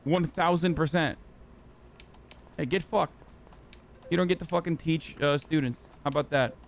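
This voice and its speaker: A man's voice: a little high, moderate pace, vocal fry, a little hiss or hum. A man hosting a livestream, ranting in heated, profane, sarcastic reaction commentary. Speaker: livestream host.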